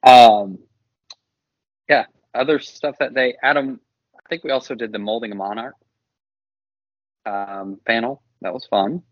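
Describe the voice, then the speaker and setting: A man co-hosting a podcast in casual chat, talking in a relaxed, explanatory way with frequent ums. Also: medium pitch, a little slow, pauses often, lo-fi sound. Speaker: podcast co-host.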